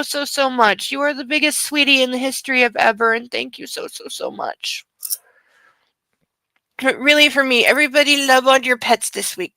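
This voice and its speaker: A bright, fairly high-voiced young woman hosting a book club, talking casually with sarcastic asides and lots of fillers. Her voice is close and dry. She reads passages aloud and then mocks them. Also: dry recording, poor audio. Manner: chatty, mocking asides, many fillers. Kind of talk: sarcastic reading commentary.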